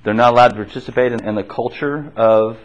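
A man's voice: mid-range voice, quick pace, slight background noise. A man teaching an interactive Bible class. He poses questions to the group and repeats their answers back to them. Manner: conversational, with restarts. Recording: dull lo-fi classroom recording.

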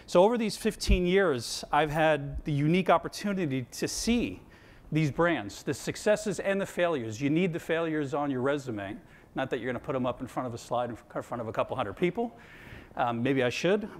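Middle-aged man on a conference stage, anecdotal, self-deprecating presenter. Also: mid-range voice. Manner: storytelling, self-deprecating humor. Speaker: conference speaker on wine sales. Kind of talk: keynote presentation. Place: conference stage before a large audience.

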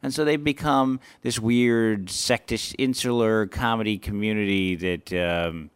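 A man who works as a stand-up comic, telling stories in casual chat and acting out the exchanges with sharp jumps in pitch. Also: unhurried, clear, resonant tone, no room sound. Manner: animated, acts out exchanges with rising pitch.

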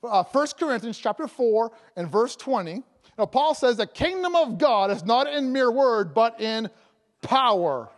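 With lively intonation and a normal speed, a high-voiced man preaches as an evangelist. His sermon is loose and playful, broken up by laughter, fillers, and restarts.

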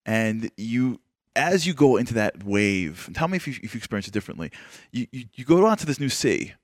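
A man hosting an interview, asking long, animated, winding questions in a conversational style. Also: medium pitch, fairly quick, dry recording, studio quality. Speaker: interviewer and radio show host.

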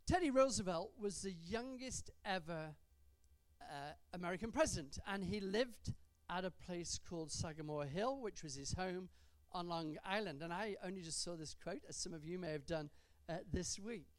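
A woman preaching a sermon in a church, stretching out key words for emphasis and adding gentle humour. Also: fairly low pitch, moderate pace, no room sound.

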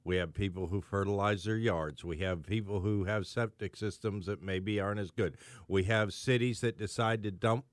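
A man's voice: fairly low pitch, fairly even intonation, normal speed, hardly any pauses, dry recording, clean studio sound. A man co-hosting a casual radio talk show, explaining things with a touch of sarcasm. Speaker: radio co-host. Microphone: studio microphone.

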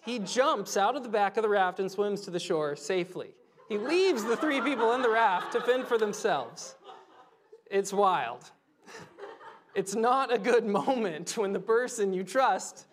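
A preacher in their thirties giving a conversational sermon, telling stories, laughing easily and pausing for quiet reflective asides. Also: mid-range voice, slight background noise. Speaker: pastor.

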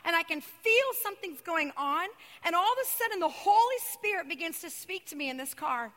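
High, bright-voiced woman preaching. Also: expressive, brisk. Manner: dramatic storytelling, swinging between loud cries and hushed near-whispers. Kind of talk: sermon. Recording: long reverb of a large hall.

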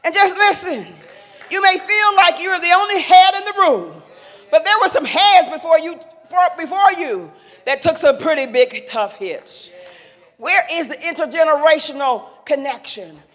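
A woman's voice: very high-pitched, lively intonation, normal speed. Impassioned older woman in an echoing hall. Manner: preacherly, rising to loud emphatic calls. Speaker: speaker sharing a mother's wisdom. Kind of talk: impassioned speech to young adults. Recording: long echo of a large hall.

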